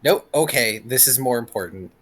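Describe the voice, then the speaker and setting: A man's voice: mid-range voice, lively intonation, moderate pace, a bit bright, breathy edge, faint music behind. A man playing a tabletop game, describing his character's reactions. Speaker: player. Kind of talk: tabletop role-play.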